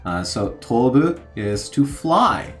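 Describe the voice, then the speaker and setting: A man in his thirties casually narrating a learning game, halting with many fillers as he sounds out vocabulary. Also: medium pitch, very animated, a bit bright, faint music behind. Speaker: streamer learning Japanese.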